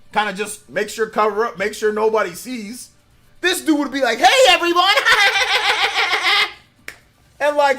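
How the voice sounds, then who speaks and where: A young male livestream host tells a rambling school story in casual chat and thanks viewers for their donations. His voice is high-pitched and a bit bright.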